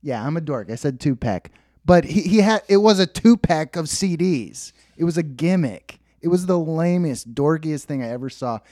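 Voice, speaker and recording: A man's voice: fairly high pitch, lively intonation, moderate pace, mellow, dry recording. A man co-hosting a podcast, telling rambling stories in casual chat, laughing at himself and acting out quotes. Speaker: podcast co-host.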